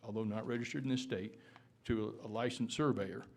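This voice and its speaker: A man from Texas, speaking with a Texan accent, gives public testimony at a town meeting. His fairly low, darkish voice is creaky and brisk with a steady tone, and he often restarts words while using formal legal phrasing.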